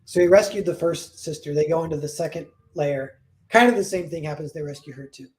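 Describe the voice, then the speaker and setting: Speaking briskly at a fairly high pitch, a man tells a fairy tale in a loose, rambling style. He leans on "like" a lot and keeps correcting himself.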